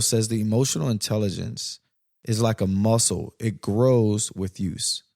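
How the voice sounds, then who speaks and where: A man's voice: fairly low pitch, darkish tone, dry recording, studio quality. A man in his thirties hosting a podcast, telling a personal story and then giving earnest, reflective advice straight to listeners. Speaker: podcast host. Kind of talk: podcast monologue on parenting.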